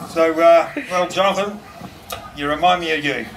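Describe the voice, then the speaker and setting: At a memorial, a middle-aged man's eulogy wanders, full of fillers, as he laughs his way through anecdotes. His voice sits on the high side at a moderate pace. Recording is from a distant mic with background noise.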